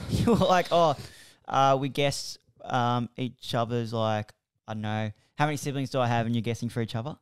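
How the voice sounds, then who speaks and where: A young man in a laid-back podcast conversation who mostly gives short, easygoing replies. His voice is smooth and sits in a middle pitch. The recording is dry and close. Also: normal speed, no echo. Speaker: podcast co-host. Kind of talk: casual chat.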